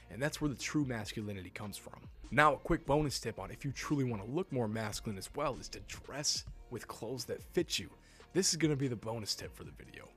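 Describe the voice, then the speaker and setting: A young man giving blunt, assertive self-help advice straight to his viewers in a scripted monologue. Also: medium pitch. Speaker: self-help video host. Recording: faint background music.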